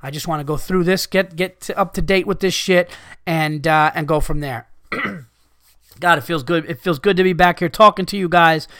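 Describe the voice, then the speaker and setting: A man's voice: on the high side, normal speed, fairly bright tone, dry recording, clean studio sound. A man hosting a podcast, ranting with profane exasperation to his listeners while recovering from being sick. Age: adult with young children. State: recovering from illness. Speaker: podcast host.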